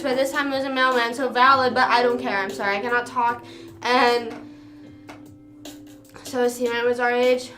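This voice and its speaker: A young female streamer's high, bright voice comes across flat yet forceful and a little fast as she rambles casually at home. She uses fillers constantly, and the room echoes over faint music.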